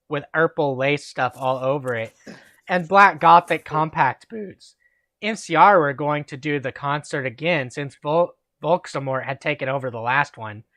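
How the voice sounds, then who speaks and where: A man hosting a comedic read-through, reading fanfiction aloud in a deadpan way and sometimes breaking into laughter. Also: a little high, dry recording. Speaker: host.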